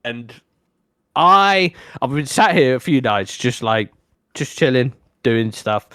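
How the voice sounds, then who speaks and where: A young man originally from Africa, co-hosting a podcast and telling a long story in a casual, swearing, animated way. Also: medium pitch, slow pace, clear, resonant tone, no echo. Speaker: podcast co-host.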